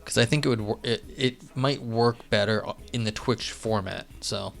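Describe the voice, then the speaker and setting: A man's voice: mid-range voice, moderate pace, creaky, fairly bright tone. A man streaming live, chatting casually and rambling with lots of fillers and restarts. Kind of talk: casual live-stream chat and reading aloud. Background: faint music.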